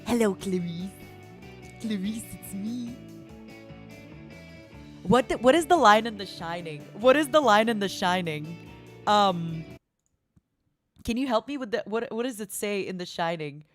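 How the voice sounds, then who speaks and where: A woman streamer chatting playfully, teasing her viewers as honey and swinging between loud mock-dramatic outbursts and soft murmurs. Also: medium pitch, animated, normal speed, faint music behind. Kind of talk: playful solo stream chat.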